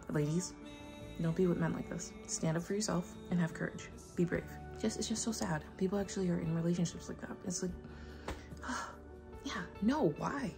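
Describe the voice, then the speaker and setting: A woman's voice: lowish voice, normal speed, vocal fry, over music. A woman vlogger chatting to camera at home in a rambling, enthusiastic way. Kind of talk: casual chat to camera. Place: at home indoors.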